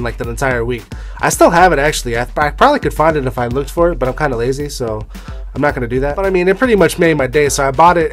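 A young man tells a story in a quick, loose ramble. His pitch sits in the middle of the male range, and he drops in the odd casual swear. Faint music plays underneath. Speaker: vlogger telling a story.

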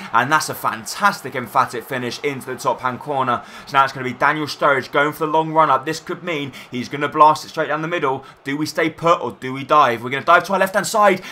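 A young man calls his own football video game like a match commentator, jumping from calm play-by-play to loud bursts whenever a chance comes. His voice is bright and forceful and sits a bit high for a man. A faint hiss sits under the voice. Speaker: gaming YouTuber.

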